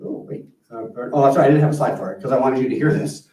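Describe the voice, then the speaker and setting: A man's voice: mid-range voice, quick pace, mellow. A man who is a minister, delivering a sermon and leading a prayer with an earnest manner. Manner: earnest, leads the congregation in affirmation. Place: church sanctuary. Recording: roomy, distant mic in a church hall with faint music.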